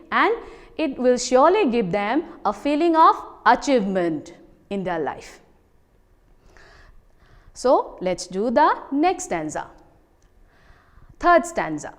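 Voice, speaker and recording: A woman's voice: on the high side, very animated, takes it slowly, pauses often, long reverb tail. A woman with a Manipuri accent teaching a school poetry lesson, explaining step by step and often asking "what?" before giving the answer herself. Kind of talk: recorded classroom lesson explaining a poem.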